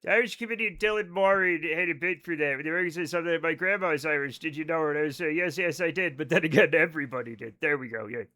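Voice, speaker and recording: A man livestreaming a space game, chatting casually with viewers, excitable and rambling with plenty of swearing. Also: a little high, very fast, few pauses. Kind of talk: casual chat with stream viewers. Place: home at night.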